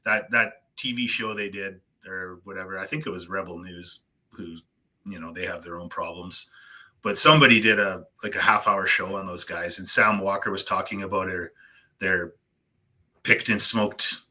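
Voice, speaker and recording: A deep-voiced man hosts a casual podcast chat, telling stories in an animated, ranting style. Every so often he slips into quick voice impressions.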